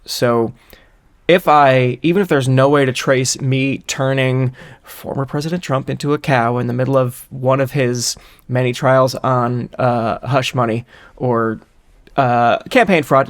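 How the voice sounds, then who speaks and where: A man's voice: mid-range voice, fairly even intonation, a little slow. A man co-hosting a podcast, reasoning through a hypothetical in casual, rambling chat with a wry edge. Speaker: podcast co-host.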